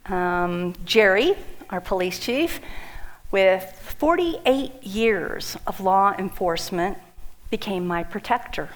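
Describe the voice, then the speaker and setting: A woman's voice: medium pitch, takes it slowly, poor audio. A middle-aged woman giving a heartfelt speech about her own story to an audience, acting out what friends said to her. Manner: emotional, heartfelt, animated quoting of others. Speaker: speaker at a community event.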